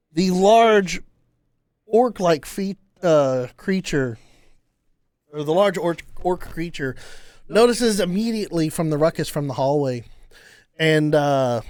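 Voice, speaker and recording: A man narrating as game master of a tabletop game, halting with many fillers. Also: a little high, a little mellow, smooth, no echo, clean studio sound.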